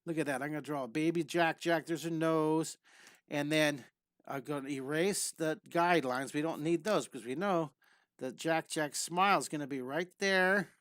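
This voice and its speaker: A man's voice: a little high, normal speed, fairly bright tone, no room sound, clean studio sound. A man hosting a live drawing lesson, talking in an upbeat, encouraging way and often repeating reassuring catchphrases. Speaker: drawing teacher and host.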